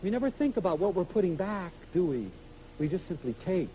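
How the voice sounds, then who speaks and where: A man giving an inspirational public lecture, emphatic and animated, acting out little dialogues as he speaks. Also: high-pitched, a little fast, a little hiss or hum, low-quality recording. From United States.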